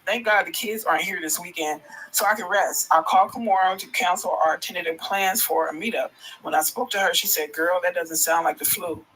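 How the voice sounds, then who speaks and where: A man reads a dramatic first-person story aloud for his livestream, his voice high and bright. He reads expressively and breaks off to react, with faint ambient noise behind him. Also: fairly quick, low-quality recording. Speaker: livestream host.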